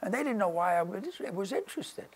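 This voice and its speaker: A man's voice: sits high, expressive, a little fast, slightly rough. An older man telling rambling stories in an interview in his studio, peppering his talk with "you know" and "you see". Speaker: interviewee, painter. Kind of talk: casual anecdotal storytelling.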